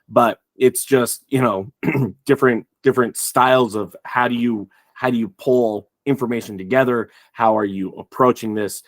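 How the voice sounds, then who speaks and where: A man co-hosting a film podcast, thinking aloud in a halting, casual way with frequent restarts. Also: medium pitch, fairly even intonation, dry recording, clean studio sound. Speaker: podcast co-host.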